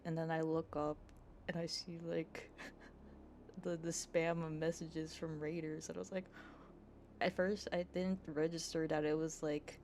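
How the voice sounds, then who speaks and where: A woman streamer talks gently and unhurriedly into an ASMR mic in her bedroom, laughing often and filling her chat with casual fillers. Her voice sits a little low. There is a faint hiss behind her. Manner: soft, giggly, chatty with fillers. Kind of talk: soft-spoken ASMR reading and chat. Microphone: ASMR microphone.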